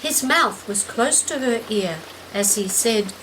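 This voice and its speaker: Woman narrator, measured and gentle story reading, clear rain sound behind. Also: a little high, slight background noise, low-quality recording. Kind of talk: scripted narration. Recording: steady rain in background.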